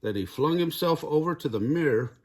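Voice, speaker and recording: An older man reading a storybook aloud to children in a gentle, chuckling way. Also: fairly high pitch, expressive, moderate pace.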